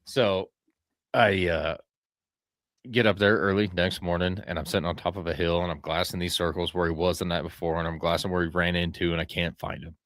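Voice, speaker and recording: A man with a very low voice spins a long, loose story in a casual podcast chat. He swears freely and slips into acting out what he said. The sound is close and dry, with no room echo. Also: level tone, brisk, fairly bright tone. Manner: profane, rambling, acts out his own quoted lines. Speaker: podcast host telling a hunting story.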